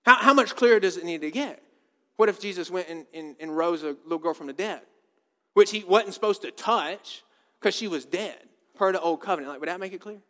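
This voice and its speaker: A man's voice: high voice, a little fast, sharp tone. A man preaching a sermon as a pastor, casual and conversational, often repeating his words. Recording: long reverb of a church hall.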